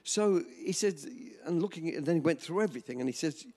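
A man in his seventies preaching a sermon, telling a personal story in an animated, chuckling way. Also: a little high, quick pace. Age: 70s. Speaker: pastor.

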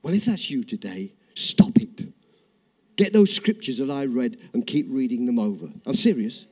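An older man preaching a sermon and telling a personal story, in an animated, repetitive storytelling way. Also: mid-range voice, fairly quick, slightly rough. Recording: reverberant hall.

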